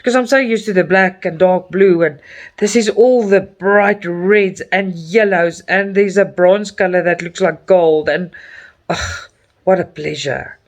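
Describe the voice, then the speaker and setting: A middle-aged man with a South African accent, a native Afrikaans speaker, chats while he does cross-stitch. He speaks slowly in a slightly raised voice. His talk is warm-hearted and emotional, full of little exclamations. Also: sits high. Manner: chatty and openly emotional, with frequent exclamations. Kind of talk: casual chat while stitching.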